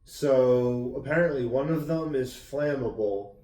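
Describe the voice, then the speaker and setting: A man's voice: medium pitch, measured pace, warm tone. A man co-hosting a podcast in casual banter, laughing often and swearing freely. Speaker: podcast co-host. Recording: roomy sound, distant mic.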